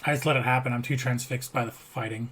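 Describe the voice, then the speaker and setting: A man's voice: medium pitch, fairly even intonation, fast, fairly bright tone, slightly rough. A man playing a tabletop game, giving brief, wry replies to the game master. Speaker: player.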